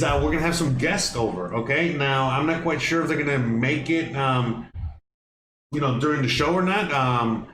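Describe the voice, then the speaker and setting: Streaming from his home kitchen, a man with a fairly high, slightly bright voice cooks casually and rambles at a moderate pace, full of fillers and restarts. A counter-mounted mic picks up an echoey kitchen and background noise.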